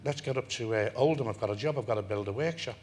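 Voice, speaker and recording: An older man from England, a talk-show guest telling a long story in an animated way and laughing through it. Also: mid-range voice, fast talker, heavy background noise. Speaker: interview guest. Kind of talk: anecdotal storytelling.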